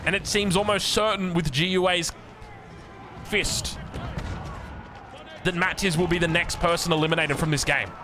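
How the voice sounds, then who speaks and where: Excitable high-voiced Australian man casting. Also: normal speed, pauses often, background noise. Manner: excitable, talks to the players, voice jumps high when surprised. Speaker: game caster. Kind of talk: strategy game commentary.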